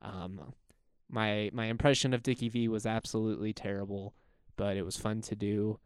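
Young guy chatting hoops on his podcast, smooth voice, real dry close sound. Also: fairly low pitch, fairly even intonation, moderate pace, dry recording. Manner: rambling, chuckling, self-correcting. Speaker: podcast host. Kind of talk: casual sports podcast talk.

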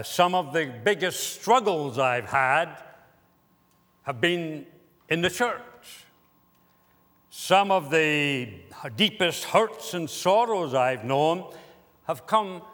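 A pastor delivers his sermon at an unhurried, deliberate pace, leaning on pauses for emphasis. His voice sits a little high for a man. It rings out with a long reverb, as if from a large church sanctuary. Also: a bit bright.

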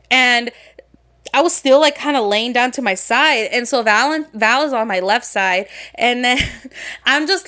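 A young woman co-hosting a podcast in casual chat, with a bright, forceful voice pitched a little high. She tells stories in an animated way, laughs often and drops Spanish phrases into her English. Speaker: podcast co-host.

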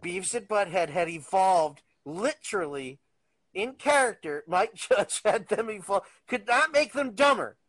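A man with a notably high voice co-hosting a casual podcast. He tells loose, rambling anecdotes and laughs through them. The recording is dry and close. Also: animated, unhurried, a bit bright, no echo. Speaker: podcast co-host. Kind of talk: casual chat.

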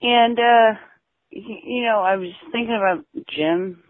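A woman caller leaving a halting, earnest, stumbling voicemail of praise. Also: on the high side, dry recording. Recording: tinny phone voicemail.

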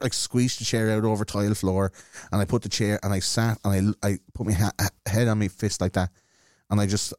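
A man's voice: fairly low pitch, a little mellow, no echo, clean studio sound. An Irish man, a comedian, telling a story in blunt, sweary casual chat.

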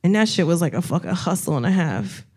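A woman's voice: lowish voice, lively intonation, fast talker, a little mellow, slightly rough. A woman comedian in casual conversation, telling stories animatedly, swearing freely and laughing often. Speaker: comedian, co-host. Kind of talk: casual storytelling chat.

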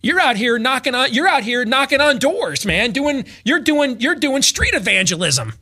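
Here a male talk show host uses a sing-song, sharp-toned voice at a moderate pace. His comedic political commentary sarcastically paraphrases others, punctuated by abrupt high-voiced impressions.

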